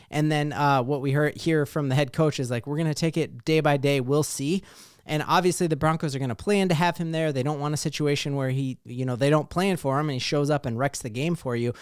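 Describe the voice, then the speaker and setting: A man hosting a casual sports talk show, excited and rambling with lots of fillers. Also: a little high, smooth, no echo, studio quality.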